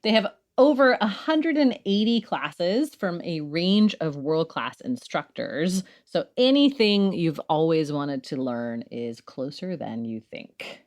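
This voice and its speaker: A woman's voice: low voice, lively intonation, slow pace, hardly any pauses, darkish tone. A woman podcast co-host doing a casual, joking host-read ad and laughing often.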